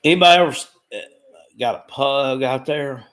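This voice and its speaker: A man's voice: medium pitch, normal speed, a bit bright. A man hosting a live watchalong from home, reading out chat comments in a rambling, folksy and profane way. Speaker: livestream watchalong host.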